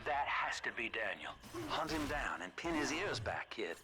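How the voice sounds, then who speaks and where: An actor playing a smooth-talking male businessman with a Southern US accent and an easy drawl, in video game dialogue. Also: mid-range voice, very animated, moderate pace, lightly acted. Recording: game radio audio with ambient noise.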